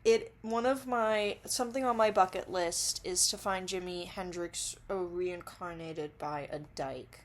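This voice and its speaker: A woman's voice: lowish voice, unhurried, few pauses. A woman rambles to the camera in a loose, casual vlog monologue while intoxicated. She giggles and swears freely as she wanders from one thought to the next. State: under the influence. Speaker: vlogger.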